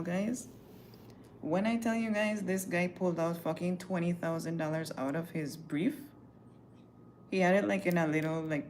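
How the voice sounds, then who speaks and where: Woman, low gravelly voice, animated profane storytelling, livestream, faint background hiss. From Caribbean. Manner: animated, profane, chatty, acts out quotes.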